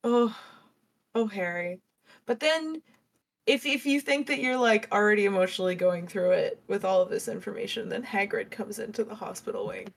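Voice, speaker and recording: A young woman talking on a book podcast in a casual, earnest way. She shows her feelings openly and swears now and then. Her voice has an everyday mid pitch. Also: moderate pace, gravelly. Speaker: podcast co-host.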